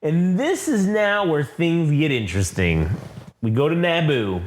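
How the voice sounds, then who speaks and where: A man co-hosting a casual comic book review, profane and animated as he retells the story. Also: fairly high pitch, unhurried, a little hiss or hum. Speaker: podcast co-host. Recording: echoey room.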